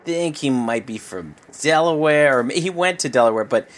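A man co-hosting a podcast, giving blunt, animated opinions in casual sports talk. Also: on the high side, moderate pace. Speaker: podcast co-host.

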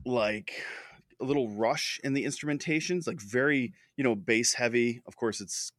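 A man with a mid-range voice co-hosting a casual podcast, recorded dry and close with no room sound. He talks in a relaxed, enthusiastic way. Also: medium pitch, normal speed, no echo. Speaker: podcast co-host.

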